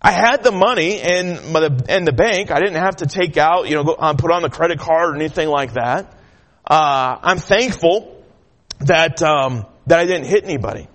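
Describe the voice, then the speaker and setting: Guy preaching, chatty story with lots of uhs, slightly high voice, big echoey church. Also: normal speed, fairly bright tone. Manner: folksy storytelling with frequent uh fillers. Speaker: pastor. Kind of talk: sermon. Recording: long hall reverb.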